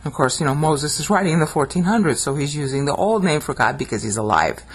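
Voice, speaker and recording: Husky voice, middle pitch, video lesson, explanatory, dramatic chanted emphasis on phrases. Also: lively intonation, fast talker. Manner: explanatory, often checks in with "okay?". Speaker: Bible language teacher. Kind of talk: video lesson on screen slides.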